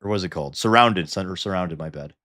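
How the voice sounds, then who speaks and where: A man's voice: deep voice, fast talker, bright, forceful tone. A Canadian man with a Canadian accent, streaming and chatting casually over a game, laughing often and swearing when startled. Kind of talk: casual gameplay commentary.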